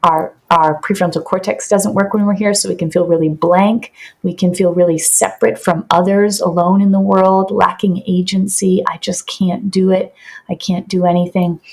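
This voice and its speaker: A woman guest on a podcast, calmly explaining in an earnest, teaching way with vivid examples. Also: lowish voice, vocal fry. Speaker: podcast guest, somatic practitioner.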